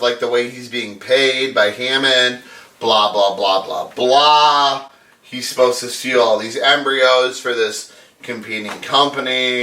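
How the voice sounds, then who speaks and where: A man's voice: mid-range voice, sharp tone, far from the mic. A man giving a crude, sarcastic comedic recap of a movie, swearing constantly. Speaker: podcast host. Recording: echoey room, off mic.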